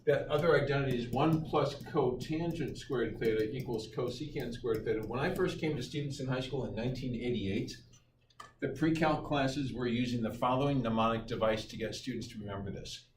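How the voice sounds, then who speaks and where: A man's voice: mid-range voice, fairly quick. Middle-aged man, joking classroom teacher, heard from across the room. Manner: lively, playful, jokes with students. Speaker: calculus teacher. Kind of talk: classroom lecture. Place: high school classroom. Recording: echoey classroom from far off, noisy.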